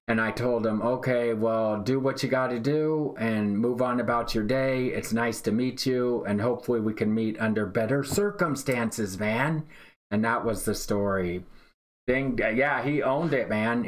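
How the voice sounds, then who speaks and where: A man telling a long story in a laid-back, drawling way on a live stream, often repeating himself and tagging "man" onto his lines. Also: medium pitch. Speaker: day-trading live streamer.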